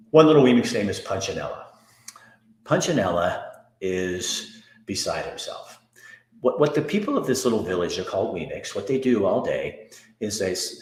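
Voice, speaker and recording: Deep-voiced man in an echoey room. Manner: earnest, swinging from angry to soft and hushed. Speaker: host. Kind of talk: emotional personal monologue.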